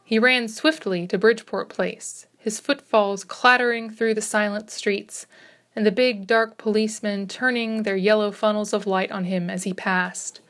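A woman narrating a classic short story as an audiobook reader, in a measured, expressive reading. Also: mid-range voice.

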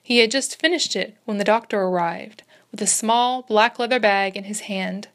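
A woman's voice: medium pitch, moderate pace. Woman reading a classic story aloud. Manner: steady, even reading with occasional self-corrections. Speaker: reader. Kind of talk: audiobook narration of a classic story.

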